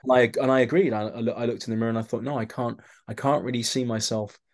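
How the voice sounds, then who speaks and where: Animated London man telling stories. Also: medium pitch, fast talker. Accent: London English. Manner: animated storyteller, acts out quoted voices, many restarts. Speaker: actor guest. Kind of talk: podcast interview anecdotes.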